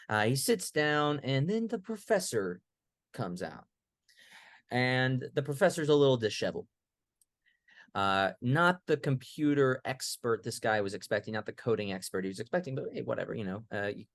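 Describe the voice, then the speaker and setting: A young man co-hosting a comedy pitch show, telling a long joke in a casual, animated way and acting out the characters as he goes. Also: normal speed, no echo, clean studio sound. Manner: animated, acts out characters in the story.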